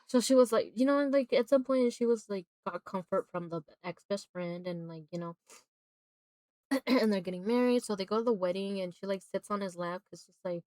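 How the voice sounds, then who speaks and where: A woman streamer chatting at home, retelling a movie in a loose, rambling way and leaning on "like" in nearly every phrase. Her voice sits at an ordinary middle pitch. The sound is dry and close, with no room around it. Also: normal speed, darkish tone, dry recording. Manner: rambling, constant filler "like", breaks into laughter. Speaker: live streamer. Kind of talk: casual chat recapping a movie while drawing.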